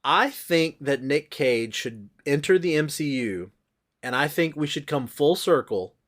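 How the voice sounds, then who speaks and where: A man's voice: a little high, animated, a little slow. A man hosting a casual movie podcast, chatting and sharing comic book trivia. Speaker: podcast host.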